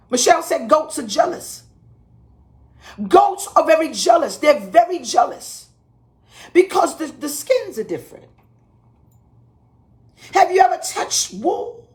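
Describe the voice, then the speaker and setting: Animated high-voiced woman preacher. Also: unhurried, pauses often. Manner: animated, folksy, laughs and repeats herself. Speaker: pastor. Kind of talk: livestreamed sermon.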